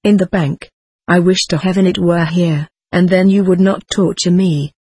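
A woman's voice: on the low side, steady tone, normal speed, warm tone, slightly rough, dry recording. A woman voicing a terrified old male victim in a storybook reading, pleading feebly.

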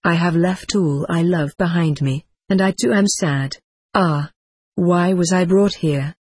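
Audiobook: gentle young girl, soft pleading questions, breathy, dry sound voiced by the reader. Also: mid-range voice, measured pace, no room sound. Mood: grieving. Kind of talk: audiobook reading.

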